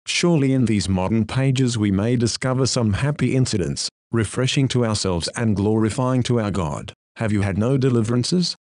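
A man reading an old sermon aloud in a measured, solemn way, full of rhetorical questions. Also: medium pitch, a little mellow, dry recording, clean studio sound. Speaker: reader of a historic sermon.

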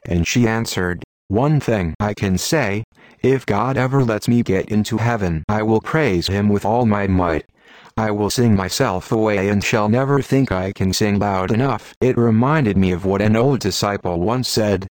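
A man preaching a sermon in a fervent, solemn, rhetorical manner. His voice sits low. The sound is close and dry, with no room around it. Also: unhurried, no room sound. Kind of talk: old-style sermon reading.

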